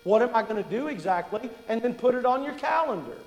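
A man preaching a sermon to his congregation, conversational and full of questions, slowing down to stress his key points. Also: very high voice, lively intonation, roomy sound, big-room sound, low-quality recording. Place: church.

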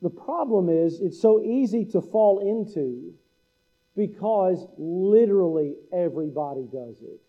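A man's voice: high voice, animated, a little slow, dull audio. A middle-aged man preaching a sermon to his congregation in a folksy way, imitating the local speech of his listeners. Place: church hall.

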